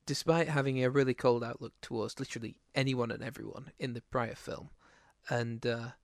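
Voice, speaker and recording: A man with a gravelly, creaky voice talks casually about films on a podcast. He rambles and restarts often. The sound is dry and close, with no room around it. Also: mid-range voice, fairly even intonation, brisk, no echo. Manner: rambling, lots of restarts and fillers. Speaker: podcast co-host. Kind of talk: casual film chat.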